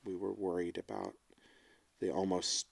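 Middle-aged male co-host; gravelly, slightly low; heartfelt, halting delivery. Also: level tone. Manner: reflective, emotional, halting. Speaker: podcast co-host. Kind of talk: casual chat.

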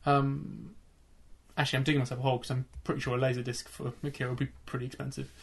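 Fast-talking man, rambling chat. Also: medium pitch, little pitch movement, vocal fry. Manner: rambling, self-correcting, quick. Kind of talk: casual chat.

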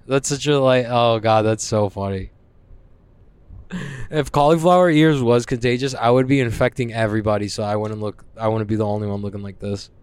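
Young man, casual vlog rant, heavy swearing, smooth clear tone, dry close sound. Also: medium pitch, fairly even intonation, a little fast, no room sound. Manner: profane, agitated, rambling. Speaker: vlogger.

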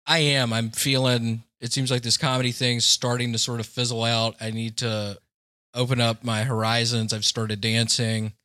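A man from Tennessee chatting casually on a podcast, making goofy deadpan jokes and laughing easily. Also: medium pitch, normal speed, no room sound, studio quality. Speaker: comedian guest.

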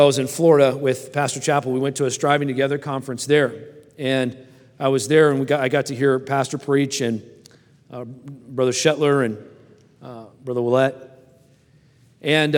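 A man in his forties preaching a sermon and telling personal stories in a folksy way, often stammering and restarting, and asking the audience questions. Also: medium pitch. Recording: long hall reverb.

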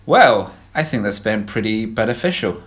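A man's voice: on the low side, animated, moderate pace, a bit bright. A man, hosting a casual comedic podcast chat in a teasing, self-deprecating way. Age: 20s. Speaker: podcast host.

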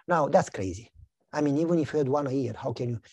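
A man preaching a sermon, telling stories with lively acted-out dialogue. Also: mid-range voice, fast, slightly rough, dry recording. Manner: animated storytelling, acts out dialogue. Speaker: pastor.

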